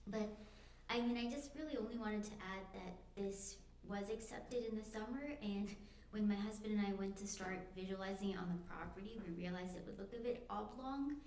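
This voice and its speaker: A woman's voice: mid-range voice, a little fast, a little mellow. A young woman, out of breath, speaks hesitantly and apologetically at a public meeting. Her voice sits mid-range. The room is echoey, with faint background noise. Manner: apologetic, hesitant, plain-spoken. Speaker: applicant addressing a committee. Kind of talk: informal explanation at a public meeting.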